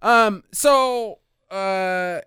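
Man, podcast co-host, casual movie chat, laughing, swearing, smooth clear voice. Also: high-pitched, extremely slow, pushed and bright, dry recording, studio quality. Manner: laughing, swearing, eager to jump in.

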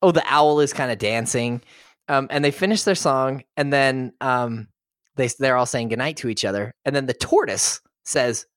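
A man's voice: mid-range voice, normal speed, a bit bright, no room sound, clean studio sound. A man co-hosting a podcast who casually retells a movie plot and often chuckles as he goes. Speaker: podcast co-host. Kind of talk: casual film recap.

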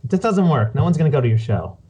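A man hosting a casual interview, talking in a relaxed, reflective way. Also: a little high, quick pace, slight background noise. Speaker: podcast host.

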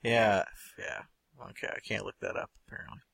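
A man's voice: fairly low pitch, lively intonation, fairly quick, vocal fry, fairly bright tone, breathy edge, dry recording. A young man co-hosting a casual podcast, rambling and joking crudely. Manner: rambling, laughs often, crude jokes. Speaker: podcast co-host.

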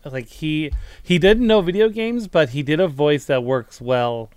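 A man, chatting casually as a podcast co-host and telling animated anecdotes. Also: on the high side, measured pace, clear, resonant tone, no room sound, studio quality. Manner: animated anecdote teller who acts out quotes. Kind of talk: casual chat.

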